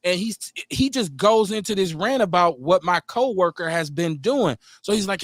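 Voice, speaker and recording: A man's voice: sits high, normal speed, no echo, clean studio sound. A man hosting a radio talk show with a Milwaukee accent, telling long stories and acting out the people in them. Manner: storytelling, animated, acts out the people in his stories. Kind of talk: casual chat.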